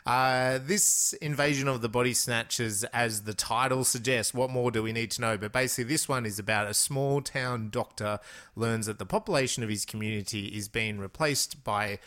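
An Australian man from Western Australia co-hosting a casual film podcast, chatty and quick to laugh as he leads the talk. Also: mid-range voice, a bit bright. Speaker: podcast co-host.

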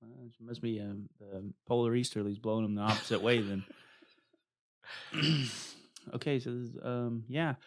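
A man's voice: mid-range voice, steady tone, moderate pace, pauses often. A man co-hosting a casual podcast chat, swearing freely and laughing through his stories. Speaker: podcast co-host.

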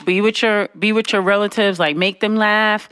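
A woman on a podcast telling a family story in casual chat, animated and laughing, with frequent asides to her listeners. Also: normal speed, smooth, no echo, studio quality. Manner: animated, laughing, acts out quotes in a high voice; conversational, with frequent "you know what I'm saying".

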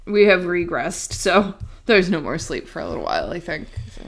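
A woman's voice: on the low side, very animated, normal speed, fairly bright tone, a little hiss or hum. A woman co-hosting a casual podcast, talking in a loose and frank way. She swears freely and laughs easily as she grumbles about life at home. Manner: frank and profane, laughs often. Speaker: podcast co-host. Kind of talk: casual chat.

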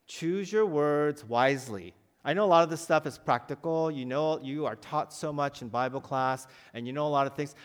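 A man's voice: a little high, in a large hall. A middle-aged man, head of a school, giving a conversational chapel message to students and often asking them questions. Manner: conversational, asks the audience questions.

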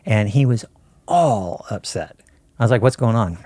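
A man's voice: medium pitch, fast talker, mellow, dry recording. A man in a casual interview, telling film-set stories in an easygoing way and acting out the dialogue. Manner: storytelling, easygoing, acts out dialogue. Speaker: film camera crew guest.

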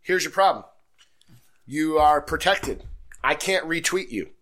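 A man's voice: fairly high pitch, lively intonation, measured pace, a bit bright. A man co-hosting a casual podcast, joking around and reading listener emails aloud. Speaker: podcast co-host. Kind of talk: casual chat.

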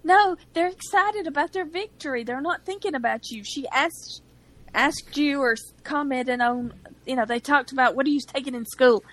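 A woman's voice: high voice, normal speed, fairly bright tone. A woman co-hosting a podcast in casual chat, chatty and wry. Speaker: podcast co-host.

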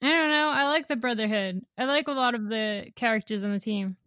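A woman co-hosting a podcast who laughs easily and drops quick jokey asides. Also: a little high, fairly bright tone, clean tone, dry recording. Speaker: podcast co-host. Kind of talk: casual podcast chat.

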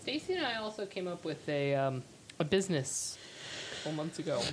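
Female comedy podcast co-host, lively voice, playful, faint hiss behind. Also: lowish voice, a little fast. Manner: playful, deadpan jokes, laughs often. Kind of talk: casual comedic chat.

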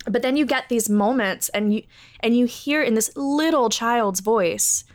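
Woman, casual podcast chat, animated, frequent laughter, dry sound. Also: fairly high pitch, unhurried, no echo. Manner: animated, laughs often, many fillers. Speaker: podcast co-host watching a show for the first time.

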